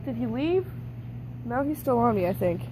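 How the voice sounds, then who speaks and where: A woman's voice: fairly high pitch, big pitch swings, normal speed, noisy background. A young woman vlogging outdoors, talking in a playful, doting, mock-dramatic way. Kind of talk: casual outdoor vlog.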